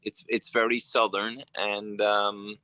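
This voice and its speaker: An Irish actor chatting casually as an interview guest, telling relaxed stories with plenty of fillers. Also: male voice, on the low side, slow pace, dry recording. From Ireland. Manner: anecdotal, relaxed storytelling with frequent fillers.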